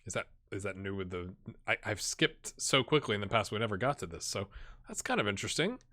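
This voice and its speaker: A man with a lowish voice talks a little fast and sounds very animated, with a sharp edge to his tone. He's playing a football manager game, chatting casually to viewers as he goes and cheering or mumbling at the match. It's relaxed let's-play commentary picked up on an earbud headset.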